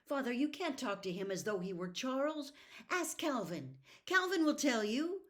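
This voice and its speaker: A woman reading aloud, voicing a frantic, desperate young girl with high, anguished cries. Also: big pitch swings, moderate pace, a bit bright.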